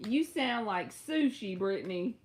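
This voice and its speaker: A young woman with a Southern US accent reads tarot on a casual live stream. She chats with viewers, drawls and stretches out her words, and jumps suddenly high. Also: lively intonation, measured pace, a little hiss or hum. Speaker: tarot reader.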